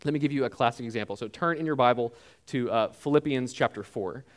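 A man preaching a sermon in a conversational, animated way, with frequent filler words. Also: mid-range voice, quick pace. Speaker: pastor.

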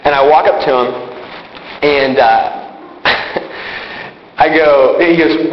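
A young man with a slightly high voice preaches an earnest personal testimony to a youth crowd. His words ring through a large hall with a long echo, and the recording sounds a bit dull. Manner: earnest storytelling, quick asides with laughs. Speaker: youth speaker. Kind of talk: testimony sermon.

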